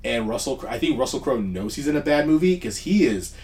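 A man's voice: medium pitch, animated, a little fast, a little mellow. A man co-hosting a casual podcast chat, rambling and interrupting himself, often laughing. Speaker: podcast co-host.

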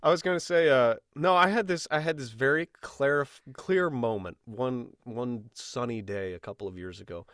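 A man's voice: medium pitch, normal speed, hardly any pauses, no room sound, clean studio sound. A young man hosting a podcast, chatting casually and telling stories with laughter. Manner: animated, laughing storyteller. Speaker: podcast host.

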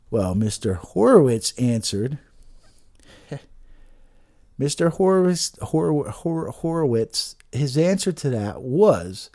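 A man's voice: medium pitch, big pitch swings, takes it slowly, mellow. A man giving an agitated, profane political rant, full of restarts and swearing. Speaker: political commentator. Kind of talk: ranting political monologue.

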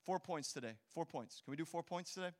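A man preaching a sermon in a church hall, animated and storytelling, acting out quotes. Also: on the high side, fast. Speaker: pastor.

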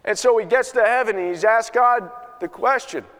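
A man's voice: very high voice, moderate pace, fairly bright tone, big-room sound. A man preaching a sermon, telling a story in an earnest way with many restarts. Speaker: pastor.

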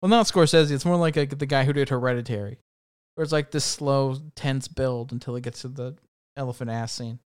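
A man's voice: mid-range voice, fairly quick, clear, resonant tone. A man co-hosting a podcast, riffing jokes in casual comedic chat and laughing often. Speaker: podcast co-host.

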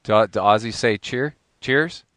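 A man's voice: on the low side, unhurried, fairly bright tone, no room sound. A man hosting a podcast interview over a Skype call, chatty and joking, laughing often. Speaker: podcast host. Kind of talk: casual interview chat.

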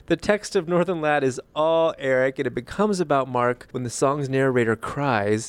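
A man co-hosting a casual podcast, reading a long listener email aloud with easy amusement. His voice sits at a middle pitch and sounds close and dry, with no room around it. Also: lively intonation, normal speed, hardly any pauses, clear, resonant tone, dry recording. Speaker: podcast co-host.

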